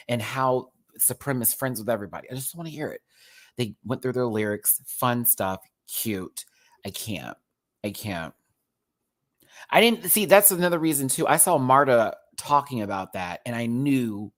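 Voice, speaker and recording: A man's voice: mid-range voice, normal speed, fairly bright tone. A man giving a casual ranting review from his home desk, exasperated and chatty, laughing often. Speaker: YouTube reviewer. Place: home desk with ring light.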